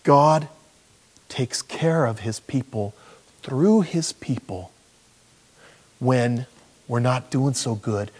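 A man preaching as a pastor, telling personal stories in an animated way. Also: medium pitch, takes it slowly, pauses often, husky. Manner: animated storyteller. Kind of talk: sermon with personal storytelling.

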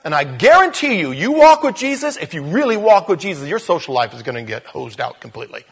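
Husky-voiced man preaching a sermon. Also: fairly high pitch, fast, hardly any pauses. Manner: animated, repeats words, speaks to the crowd directly. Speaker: pastor.

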